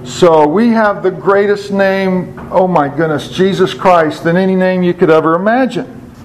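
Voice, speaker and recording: A man's voice: high-pitched, moderate pace, a little hiss or hum, low-quality recording. A man giving a sermon as a Bible teacher, asking his listeners questions, answering them himself and repeating key words for emphasis.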